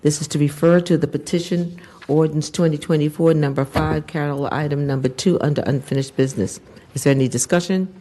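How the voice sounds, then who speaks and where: A woman chairs the meeting, announcing results and calling roll in a brisk procedural manner. Her voice is mellow and darker in tone. She drops in casual asides between formalities. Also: low voice, fairly even intonation.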